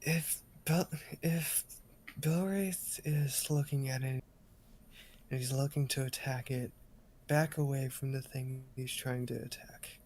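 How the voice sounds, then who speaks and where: A man's voice: medium pitch, fairly even intonation, slow pace, a little mellow, a little hiss or hum. A man playing a tabletop game who talks hesitantly, with lots of ums. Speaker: player.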